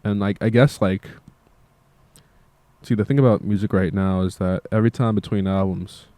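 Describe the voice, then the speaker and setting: A man's voice: fairly low pitch, steady tone, normal speed, mellow, no room sound. A tired young man who makes music, talking in a meandering casual monologue and swearing freely. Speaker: musician vlogger.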